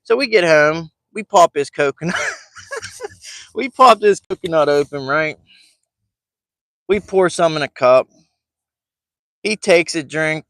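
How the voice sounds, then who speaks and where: A man's voice: a little high, a bit bright, no room sound. A man telling a rambling story to camera while fishing from a boat. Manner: rambling, chatty, laughs through his story. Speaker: fishing vlogger.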